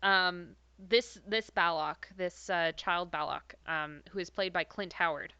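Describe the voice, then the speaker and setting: A woman's voice: on the low side, a little slow, pushed and bright, clean tone, no room sound. A woman co-hosting a podcast, recapping an episode in casual chat, chatty and laughing often, with plenty of hesitant fillers. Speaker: podcast co-host. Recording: slightly dull lo-fi podcast audio.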